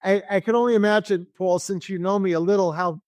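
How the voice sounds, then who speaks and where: A man's voice: sits high, fairly even intonation, quick pace, a little mellow, no room sound. Male guest spinning an anecdote, slipping into others' voices; dry studio sound. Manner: acts out quoted voices while telling a story. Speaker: interview guest. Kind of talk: animated storytelling in an interview.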